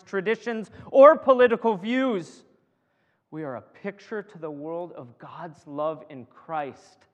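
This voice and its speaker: A man with a high voice preaches at a slow, deliberate pace, stopping to joke with his congregation and repeating words as he drives each point home. His voice rings with a long reverb, as if he is in a large church hall. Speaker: pastor. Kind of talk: sermon.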